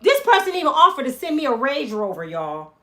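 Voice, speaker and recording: Heated high-voiced woman ranting to viewers. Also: very animated, fairly quick, a bit bright. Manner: heated, emphatic, addresses viewers as y'all. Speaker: channel host. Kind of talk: angry vlog rant to viewers.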